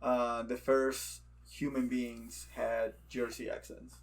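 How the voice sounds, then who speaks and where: This man is from outside the United States and co-hosts a casual gaming podcast. His voice sits at an ordinary middle pitch. He talks in a loose, easygoing way and laughs often at his own jokes. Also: level tone, slow. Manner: laid-back, laughs often, repeats jokes. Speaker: podcast co-host. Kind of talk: casual chat.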